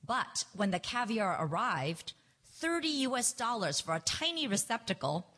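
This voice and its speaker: A woman reading her own memoir aloud to a listening group, with wry, expressive storytelling and a husky voice. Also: mid-range voice, normal speed. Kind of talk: live book reading.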